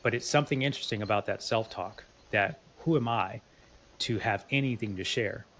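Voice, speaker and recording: Man, podcast host, low voice, earnest casual talk, faint hiss behind. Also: brisk, a bit bright. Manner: earnest, repeats words when restarting. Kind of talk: casual interview chat.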